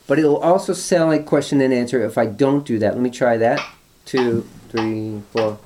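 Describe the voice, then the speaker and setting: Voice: medium pitch, a little fast, background noise. A music teacher explaining call and response during a guitar lesson, thinking aloud with restarts and fillers, with guitar playing in between.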